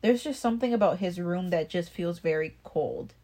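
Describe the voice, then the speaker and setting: A woman's voice: fairly low pitch, moderate pace, dark tone. A young woman casually telling a personal story, rambling, swearing a lot and restarting her sentences. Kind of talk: casual chat.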